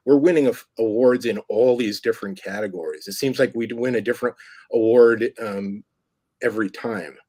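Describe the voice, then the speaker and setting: Low-voiced rambling middle-aged man. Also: darkish tone, no room sound. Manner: rambling, with many restarts. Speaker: filmmaker guest. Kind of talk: casual interview chat.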